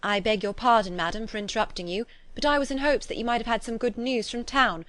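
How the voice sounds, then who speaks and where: A woman's voice: fairly high pitch, steady tone, fast, fairly bright tone, close to an everyday voice. A woman voicing a deferential, apologetic housekeeper addressing her mistress. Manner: polite, apologetic. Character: deferential middle-aged housekeeper.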